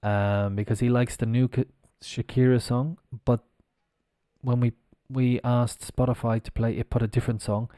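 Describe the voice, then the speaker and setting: A man's voice: mid-range voice, flat delivery, warm tone, dry recording, clean studio sound. Irish man teaching English pronunciation. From Ireland. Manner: explains slowly, spelling words out letter by letter. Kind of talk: live-stream pronunciation lesson.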